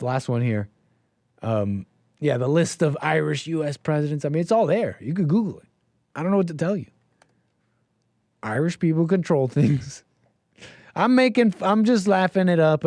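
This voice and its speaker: A man's voice: a little high, a little mellow, dry recording, clean studio sound. A man hosting a casual livestream, talking in a sarcastic, rambling way and mocking what he reads aloud. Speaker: livestream host.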